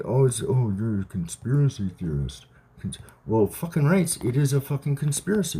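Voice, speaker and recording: A man's voice: medium pitch, dark tone, slightly rough. A man in his thirties ranting on a live stream, profane and agitated, rambling with many restarts. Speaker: livestream host. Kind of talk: rambling livestream rant.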